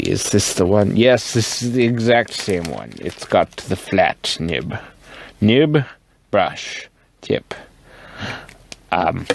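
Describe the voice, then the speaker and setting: A tipsy man rambling casually in a show-and-tell vlog, swearing and wandering up and down in pitch. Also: slight background noise. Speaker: fountain pen vlogger.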